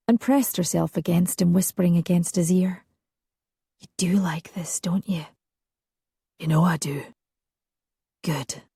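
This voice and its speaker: A woman reads a romance audiobook softly and intimately, taking her time. Her voice is somewhat low, mellow, and husky, and very slow, captured in a close, dry recording with no echo.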